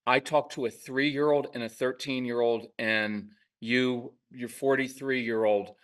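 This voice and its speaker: A man talking casually in an interview, telling lively parenting stories and acting out parents and kids in quick asides. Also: medium pitch, recorded from a distance. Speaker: parenting podcast host and guest expert. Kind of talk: conversational interview.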